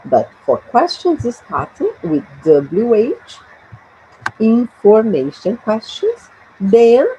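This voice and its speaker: A woman's voice: fairly high pitch, mellow, highs cut off, a little hiss or hum. A Brazilian woman with a Portuguese accent teaching an English grammar lesson, drilling short phrases for students to repeat.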